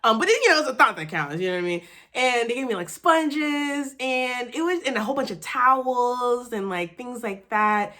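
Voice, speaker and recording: A woman's voice: fairly high pitch, expressive, normal speed, bright, forceful tone. A young woman from Texas chatting casually to camera in her small apartment, candid and full of fillers and swearing as she talks about starting work as a teacher. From Texas, USA. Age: young adult. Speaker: vlogger, new teacher.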